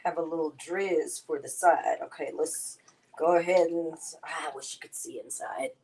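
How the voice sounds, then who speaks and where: A woman's voice: low voice, normal speed, background noise. A woman, chatting to viewers as she hosts a casual cooking demonstration. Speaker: cooking show host.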